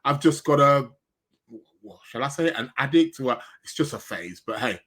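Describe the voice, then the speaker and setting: A man's voice: mid-range voice, lively intonation, moderate pace, a bit bright, slight background noise. A man hosting an astrology podcast live stream in a casual, rambling chat, greeting viewers by name and munching snacks as he talks.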